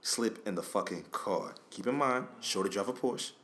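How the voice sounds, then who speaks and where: A man co-hosting a podcast, telling a long story in casual, profane, animated chat. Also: lowish voice, moderate pace. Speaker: podcast co-host.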